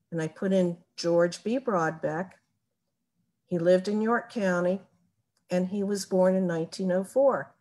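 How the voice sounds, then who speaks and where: A woman giving a recorded tutorial on building a family tree, explaining each step slowly and methodically. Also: lowish voice, darkish tone. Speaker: genealogy presenter. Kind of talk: recorded screen-share tutorial.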